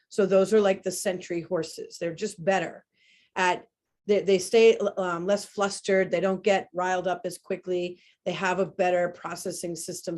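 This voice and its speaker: In a webinar conversation, a woman with a fairly low voice teaches about horse behavior, explaining animatedly and demonstrating sounds as she goes.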